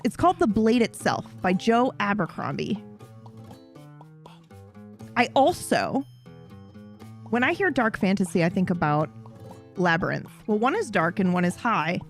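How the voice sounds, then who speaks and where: A woman streamer chatting casually and with feeling, swearing and wandering into asides. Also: mid-range voice. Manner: animated, swears, rambles with asides. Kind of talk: casual chat.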